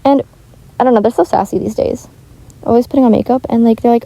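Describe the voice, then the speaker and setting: Mellow-voiced teen girl rambling casually. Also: a little high, steady tone, fast talker, vocal fry, rough recording. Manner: chatty, rambling, heavy use of "like". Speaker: gaming vlogger. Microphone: home microphone, not high-end.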